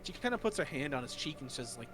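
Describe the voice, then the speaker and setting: A man's voice: a little high, very animated, fast, music in the background. A man narrating as game master in a casual way, with many fillers. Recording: noisy home mic.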